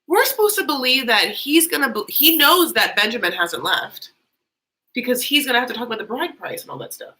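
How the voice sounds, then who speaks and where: A woman's voice: on the high side, expressive, fairly quick, bright, forceful tone, rough recording. A woman hosting a live reality-TV reaction, chatty and sarcastic with lots of rambling asides. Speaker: YouTube host.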